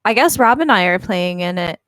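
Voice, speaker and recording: A woman's voice: lowish voice, lively intonation, brisk, fairly bright tone, no echo. A woman co-hosting a casual live-stream chat, laid-back and giggly with dry jokes. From California. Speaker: co-host.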